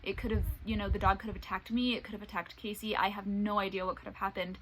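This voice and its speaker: A young woman vlogging about life with her service dog, retelling stories in a casual, animated way and acting out what people said. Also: mid-range voice, fast talker, a little hiss or hum, low-quality recording. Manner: animated retelling, acts out quoted voices. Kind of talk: casual storytelling vlog.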